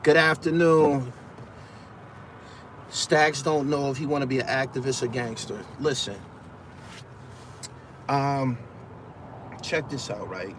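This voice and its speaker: A man's voice: medium pitch, takes it slowly, pauses often, fairly bright tone, slight background noise. A man hosting a casual live stream, talking loosely and with profanity as he reads out viewer comments and gives his take. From Brooklyn, New York.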